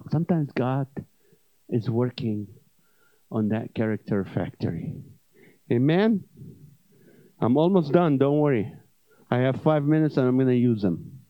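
A man's voice: medium pitch, dry recording. Joking male evangelist preaching. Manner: animated, joking, swings between loud punchlines and quiet asides. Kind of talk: comedic sermon storytelling. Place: church service. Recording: dull dry lo-fi sound.

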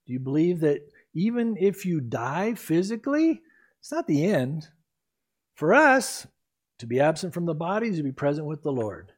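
A pastor preaching a sermon in an earnest, exhorting, emphatic way. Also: male voice, fairly high pitch, big pitch swings, moderate pace.

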